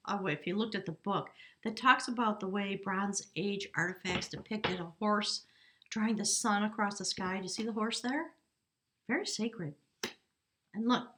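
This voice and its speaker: Woman doing a tarot reading to camera, earnest and encouraging, mid pitch, keeps asking okay?. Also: fairly bright tone. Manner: earnest, coaxing, keeps checking in with the viewer. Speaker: tarot reader.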